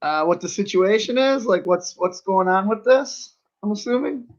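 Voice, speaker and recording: Man, fairly high voice, laid-back, laughs a lot, casual podcast guest, muffled audio. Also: moderate pace. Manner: laid-back, laughs easily, says "you know" a lot. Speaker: guest, pro wrestler.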